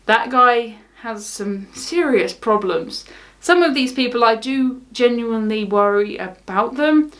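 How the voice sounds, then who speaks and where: A young woman from the south of England speaks in a casual, wry vlog style, shrugging off criticism. Her southern English accent is clear, and her voice sits slightly high. She sounds unbothered and easygoing. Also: lively intonation, a little slow, fairly bright tone. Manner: wry, unbothered, laughs things off. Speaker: cruise vlogger. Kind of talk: casual talk to camera.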